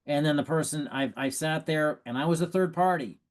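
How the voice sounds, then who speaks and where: A man giving sales coaching tips in a lively, animated way, acting out prospects' lines and laughing at his own stories. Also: on the high side, brisk. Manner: animated, acts out prospects and quotes. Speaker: sales trainer. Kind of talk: coaching talk.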